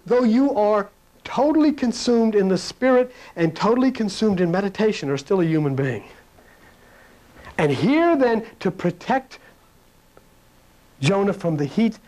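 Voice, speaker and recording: A man preaching a sermon in a folksy, plain-spoken way, swinging between loud emphatic peaks and quiet asides. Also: high voice, animated, measured pace, poor audio.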